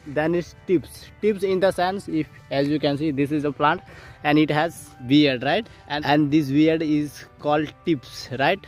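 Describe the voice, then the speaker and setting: A man's voice: a little high, fairly even intonation, a little slow, soft background music. A young man vlogging outdoors from his farm fields, narrating in simple, plain learner's English and now and then short of breath. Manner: simple learner's English, repeats "as you can see". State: out of breath at times. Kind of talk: casual vlog narration while farming.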